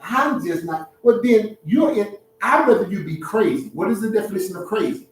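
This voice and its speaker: A man hosting a relationship talk, giving blunt, preachy advice to an audience in an animated, streetwise way, laughing at his own points. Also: high voice, fairly quick, heavy reverb, recorded from a distance, rough recording.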